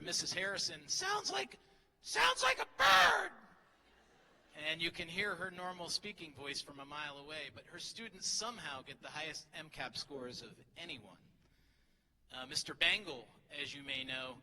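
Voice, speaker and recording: Teasing male teacher with a bright edge. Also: fairly high pitch. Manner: teasing, self-deprecating jokes. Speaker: teacher giving a graduation speech. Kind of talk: humorous commencement speech. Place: large hall at a graduation ceremony. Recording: hall reverb, faint crowd ambience.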